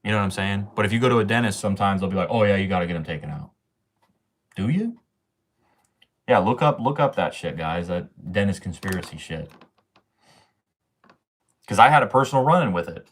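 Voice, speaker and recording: Young guy ranting on his stream, lots of bro and swearing, kinda low voice. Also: animated, fast talker, pauses often, a bit bright. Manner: slangy, ranting, swears often. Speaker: livestreamer. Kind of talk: casual chat with live chat.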